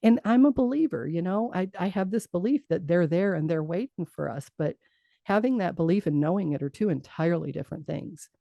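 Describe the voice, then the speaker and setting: A middle-aged woman telling a personal story in an interview, lively and acting out what others said, with frequent laughs. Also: lowish voice, fairly quick, vocal fry, dry recording, dull audio. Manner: animated storytelling, acts out quoted voices, laughs often. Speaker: guest.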